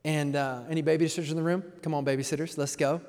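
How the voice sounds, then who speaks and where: Young male pastor, slangy, dynamic sermon delivery, slightly high voice, reverberant hall sound. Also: quick pace. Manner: energetic preaching, swings from soft to loud.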